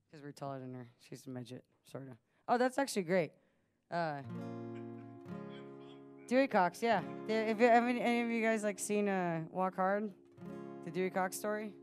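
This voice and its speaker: In her late twenties, this woman has a lowish, clean voice. She's up on the stage of a small music venue, bantering casually and telling a rambling story full of laughs.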